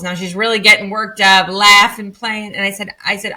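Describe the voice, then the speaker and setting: Woman, 30s, podcast guest; crisp bright tone, expressive storyteller who acts out moments. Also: mid-range voice, fast, hardly any pauses. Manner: animated, acts out anecdotes with lively emphasis. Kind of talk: casual conversational storytelling.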